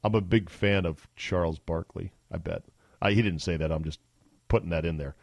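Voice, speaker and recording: A man's voice: low voice, normal speed, no room sound. Wry, chatty male podcast host. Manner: chatty, wry, mock-amazed asides. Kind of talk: casual sports and news talk.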